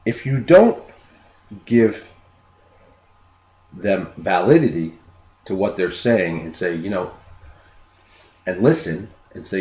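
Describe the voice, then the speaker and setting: A man's voice: low-pitched, animated, takes it slowly, pauses often, a little mellow. A man giving an unscripted self-improvement talk, earnest, often repeating words as he explains. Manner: earnest, repeats words, acts out quoted dialogue. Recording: echoey room with faint noise.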